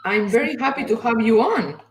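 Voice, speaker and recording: A woman's voice: a little high, expressive, brisk. A woman hosting a casual livestream chat, effusive and chatty as she greets viewers. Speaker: host. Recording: roomy echo.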